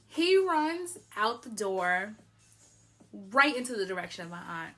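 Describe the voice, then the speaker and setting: A young woman vlogger, a bit tipsy from wine, casually recounts a personal story, chatty, laughing often and saying "like" constantly. Her voice runs on the high side with big pitch swings at a moderate pace.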